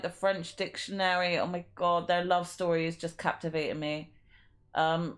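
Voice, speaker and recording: A woman's voice: fairly low pitch, little pitch movement, normal speed. A woman streaming a mystery game live, thinking aloud and reading clues and letters aloud. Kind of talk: live gameplay commentary.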